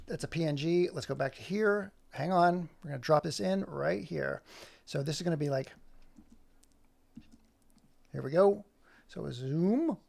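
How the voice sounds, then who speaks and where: A man's voice: a little high, a little slow, vocal fry, long pauses, a little mellow. A man chatting casually and thinking aloud as he edits an animation, muttering to himself while he works. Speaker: video creator editing an animation. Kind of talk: casual live chat while working.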